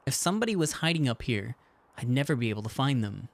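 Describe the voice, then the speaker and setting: A man's voice: mid-range voice, very animated, quick pace, gravelly. A man streaming, reading a visual novel's text aloud expressively, with casual asides.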